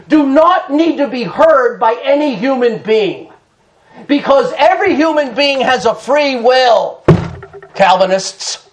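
High-voiced impassioned male preacher. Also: poor audio. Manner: impassioned preaching, shouts and laughs between phrases. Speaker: pastor. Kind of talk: sermon.

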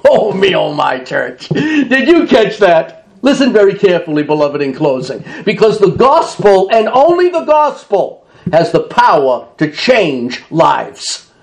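A man's voice: sits high, very animated, a little slow, vocal fry, hardly any pauses. A man preaching a sermon, reading scripture aloud and acting out the mockers' voices with feeling. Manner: impassioned preaching with dramatic reading and mock voices. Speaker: pastor.

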